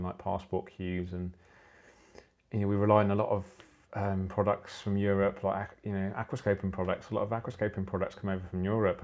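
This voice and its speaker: A man in his forties hosts a relaxed livestream from his phone, his low voice thick with gravel. He sounds tired and keeps cracking jokes and laughing at them while he chats with viewers. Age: 40s. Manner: jokey, chatty, laughs at his own jokes. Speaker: aquascaping channel host. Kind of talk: casual livestream chat with viewers. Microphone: phone used for the livestream.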